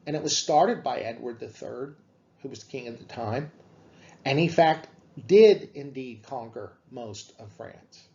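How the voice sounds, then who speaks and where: A man giving a classroom lecture on literature, explaining slowly with frequent fillers. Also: medium pitch, lively intonation, gravelly, warm tone, muffled recording.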